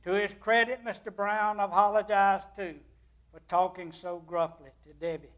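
A male pastor gives a sermon. He tells stories dramatically, swinging between loud and quiet. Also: sits high, little pitch movement, normal speed. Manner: dramatic storytelling with big swings in loudness.

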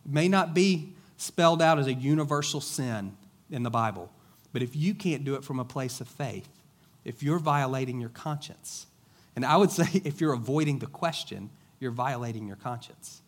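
A middle-aged man delivers a sermon in a relaxed, conversational way, slipping in jokes and retelling a parable. His voice sits at a middle pitch, like plain everyday talk. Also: normal speed. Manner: casual, joking, storytelling. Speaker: pastor. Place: church sanctuary.

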